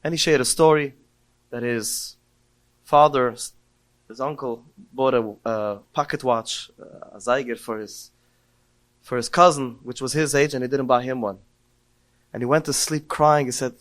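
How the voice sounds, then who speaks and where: A man's voice: on the high side, fairly even intonation, moderate pace. A middle-aged man giving a heartfelt Torah talk, telling stories and rising to emotional cries when quoting prayers. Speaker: podcast speaker.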